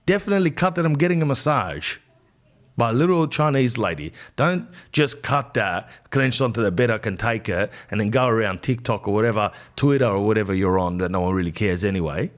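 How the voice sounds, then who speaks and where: Animated comic storyteller man. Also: lowish voice, brisk. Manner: animated, rambling, exaggerated. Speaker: podcast host. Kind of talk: comedic storytelling.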